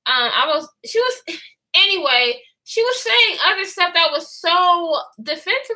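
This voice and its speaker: A woman's voice: very high voice, very animated, a little slow, bright, forceful tone. A woman in her twenties chatting in a candid storytime vlog, profane and chatty, answering comments. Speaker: vlogger. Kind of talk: storytime chat with live comments.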